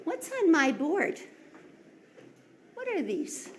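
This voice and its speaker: A woman teacher leading a class in counting games, slow, sing-song and encouraging. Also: very high voice, huge pitch swings, a little hiss or hum. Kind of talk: classroom instruction.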